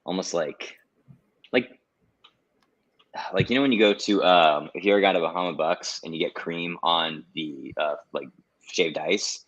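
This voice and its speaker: A man with a very deep voice teases his co-host with dry jokes during a relaxed tasting chat. The recording sounds dull and lo-fi, and he drawls the odd word. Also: unhurried, pauses often. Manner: teasing, dry joking.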